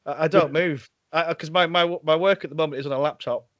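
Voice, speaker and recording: A man's voice: on the high side, fast, fairly bright tone, dry recording. A man hosting a podcast over a video call, chatting casually, laughing often and tripping over his words. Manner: jokey, laughs often, restarts a lot. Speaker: podcast host. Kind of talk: casual chat. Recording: dry, slightly dull audio.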